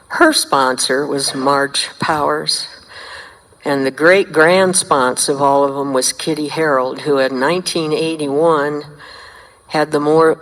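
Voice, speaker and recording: An older woman sharing her recovery story at a meeting, telling it in a lively way and acting out the dialogue. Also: low voice. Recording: long hall reverb.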